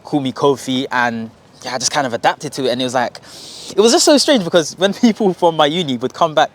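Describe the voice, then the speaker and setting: Young London man, podcast guest, lively storyteller, quick delivery. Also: on the high side, slight background noise. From England. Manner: animated storyteller, acts out quoted voices. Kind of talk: casual interview chat.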